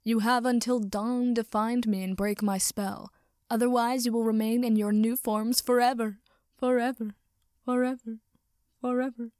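A sneering, over-the-top male wizard who drags out his threats with theatrical relish, as a woman reading the story puts him on. His voice swells a little higher and louder than hers, and the recording stays dry and close. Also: steady tone, moderate pace, no echo, lightly acted. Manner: sneering, melodramatic, drawn out.

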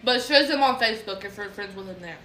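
This is a woman co-hosting a laid-back podcast, bouncing her pitch around a lot. She teases and cheers her friends freely. A faint hiss sits under the recording. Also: fast talker. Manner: animated, playful, cheering and teasing. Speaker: podcast co-host. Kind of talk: casual chat.

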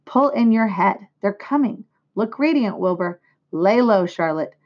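A woman's voice: medium pitch, expressive, a little slow, dull audio. Storybook read-aloud: woman voicing a commanding old sheep. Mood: bossy.

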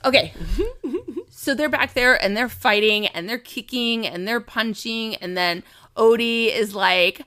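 Animated woman telling a story. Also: a little high, measured pace. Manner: animated, swears freely, acts out quotes. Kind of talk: casual chat, storytelling.

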